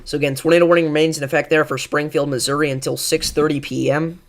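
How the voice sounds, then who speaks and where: A man hosting live severe weather coverage, calmly reassuring viewers and thinking aloud with fillers as he reads radar. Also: on the high side, fast. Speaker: weather livestream host.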